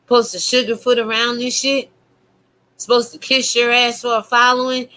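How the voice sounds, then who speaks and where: A woman's voice: fairly high pitch, flat delivery, moderate pace, pushed and bright, low-quality recording. A woman YouTuber preaching in a fiery, profane rant to her viewers. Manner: fiery, preachy, heavy cursing. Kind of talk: religious rant to camera.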